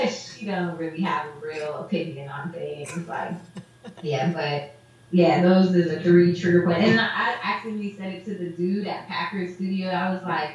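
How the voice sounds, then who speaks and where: A woman telling stories in casual chat, animated and acting out what people said, with lots of "like". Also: on the low side, normal speed. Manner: animated storyteller, acts out quotes, heavy "like" filler. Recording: roomy echo, dull lo-fi sound.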